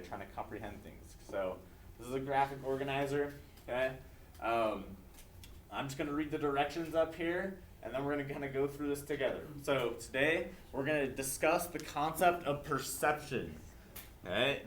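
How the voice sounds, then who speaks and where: A male teacher leading a class, drilling vocabulary by call and response and filling pauses with frequent "okay". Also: mid-range voice, fairly bright tone. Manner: frequent "okay" fillers, repeats prompts. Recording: echoey classroom from far off, faint noise.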